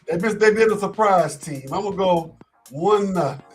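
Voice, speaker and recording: A man hosts a casual sports talk show in a fairly high, easygoing voice. He often stumbles and repeats words as he thinks aloud. Faint music plays behind him. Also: moderate pace. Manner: laid-back, repeats words when thinking.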